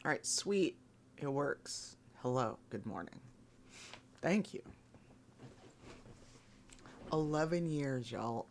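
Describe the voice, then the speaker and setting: Gravelly streamer guy just yapping with chat, laid-back, kinda rambly, faint noise behind. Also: medium pitch, takes it slowly, fairly bright tone. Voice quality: gravelly morning voice. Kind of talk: casual chat.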